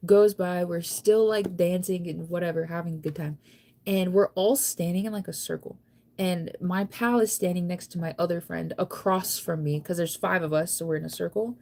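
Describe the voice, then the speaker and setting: A young woman talking casually to her camera, rambling through a story with constant "like" fillers and restarts. Her voice sits a little low for a woman. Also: warm tone. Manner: chatty, rambling, heavy use of "like". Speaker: vlogger.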